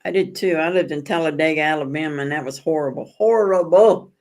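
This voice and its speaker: Her low voice keeps a steady tone as she talks fast. She is a woman hosting a casual livestream with viewers, spinning stories in a rambling, self-correcting way and punctuating them with dramatic emphasis.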